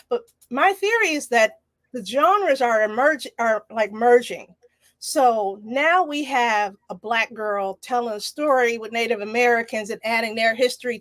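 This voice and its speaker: A woman author talking in a casual, animated interview, chatty and full of fillers. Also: a little high, no echo. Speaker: author guest.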